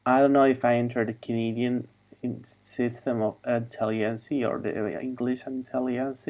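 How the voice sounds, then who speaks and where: A man in his forties, a native Spanish speaker with a Spanish accent, telling a rambling personal story in halting English, searching for words, on a video call. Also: mid-range voice, flat delivery, muffled recording.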